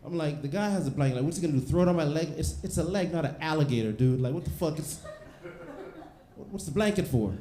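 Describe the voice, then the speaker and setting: A man with a fairly high voice works through a stand-up set, brash and punchy, acting out dialogue as he goes. His handheld mic picks up an echoey theater room with a faint hiss underneath. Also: expressive, fast talker, mellow. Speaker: stand-up comedian. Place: comedy theater stage. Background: audience laughter.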